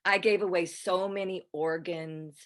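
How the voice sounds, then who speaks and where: An older woman with a notably low-pitched voice talks as a podcast guest. Her casual chat rambles, with frequent restarts and easy laughter between stories. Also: fairly even intonation, measured pace, slight background noise. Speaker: guest actress.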